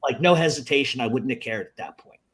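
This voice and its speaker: A man's voice: mid-range voice, quick pace, fairly bright tone. Blunt, profane man telling stories. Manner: blunt, profane, darkly joking. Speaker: guest. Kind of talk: casual storytelling. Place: live online show.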